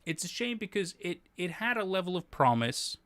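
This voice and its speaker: Male stream host, animated and laughing easily, slightly high, crisp bright voice. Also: moderate pace, no room sound. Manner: animated, laughs often, swears casually. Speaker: livestream host. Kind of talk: casual livestream chat.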